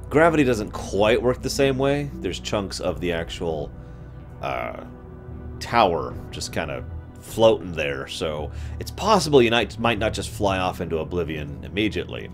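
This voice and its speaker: Chatty low-voiced man playing a game. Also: sing-song, a little slow, soft background music. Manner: chatty, self-deprecating, laughs often. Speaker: gamer commentator. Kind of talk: let's-play commentary.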